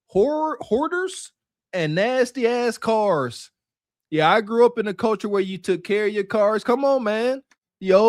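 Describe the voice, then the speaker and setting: High-voiced man ranting on a podcast. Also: no room sound, studio quality. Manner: animated, preachy, laughs often. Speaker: podcast co-host. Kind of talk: casual chat reacting to clips.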